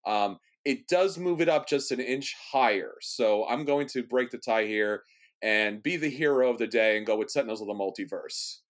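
An upbeat man hosts a relaxed podcast conversation, announcing matchups and chatting with laughs in between. His voice sits at an ordinary middle pitch. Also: normal speed. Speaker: podcast host running the bracket. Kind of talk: casual chat.

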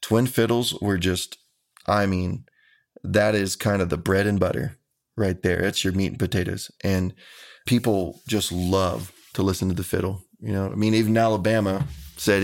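A man, a country musician, answering interview questions in an earnest, folksy, measured way. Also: low-pitched, steady tone.

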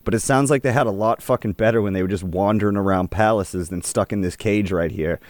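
A man co-hosting a podcast, chatting and telling stories in a loose, casual way. His voice sits fairly low, and he swears freely as he rambles. The sound is dry and close, with no room echo. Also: fairly quick. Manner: laid-back storytelling with frequent swearing. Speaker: podcast co-host. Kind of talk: casual chat.

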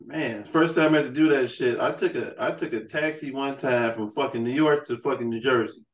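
A man's voice: medium pitch, a little fast, reverberant, recorded from a distance. A man hosting a podcast, telling loose, profanity-heavy road stories in casual chat. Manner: loose, profane storytelling with frequent "man" and "you know". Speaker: podcast host.

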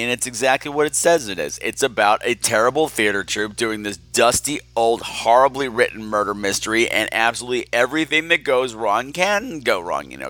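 A man's voice: mid-range voice, no room sound. A man hosting a podcast in casual chat, telling stories in a campy, sardonic way. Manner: campy, sardonic, animated storytelling. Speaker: podcast host.

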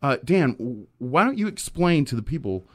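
Man playing a mock-earnest radio host, measured delivery, leading questions. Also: medium pitch, very animated, no room sound, clean studio sound, voice pushed up, close to an everyday voice. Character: smooth male talk radio host interviewing a caller. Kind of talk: mock talk radio hosting.

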